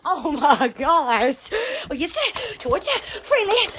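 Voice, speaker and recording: Giddy high-voiced woman. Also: big pitch swings, slow, heavy background noise. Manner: giddy, silly, constant laughing and squealing exclamations. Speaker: livestream host. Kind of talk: goofy livestream chatter. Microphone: phone camera.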